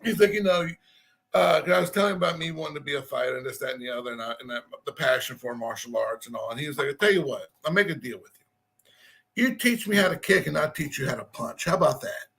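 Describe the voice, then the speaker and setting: Casual male storyteller, self-mocking, raspy fry and a bright, high tone. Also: quick pace. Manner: rambling, self-deprecating, restarts and laughs.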